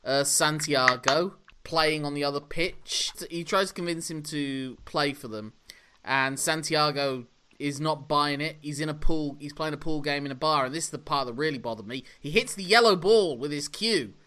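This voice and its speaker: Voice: medium pitch, normal speed, pushed and bright, clean tone. A podcast co-host, recapping a film in casual, sarcastic chat and laughing often. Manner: sarcastic, laughs often, swears in mock frustration.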